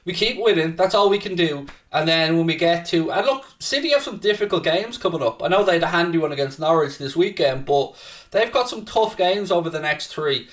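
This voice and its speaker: A man's voice: a little high, lively intonation, a little fast, a bit bright, far from the mic. A man hosting a casual live football watchalong, chatting to viewers, reading out their messages and swearing freely when worked up. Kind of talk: casual live-stream chat.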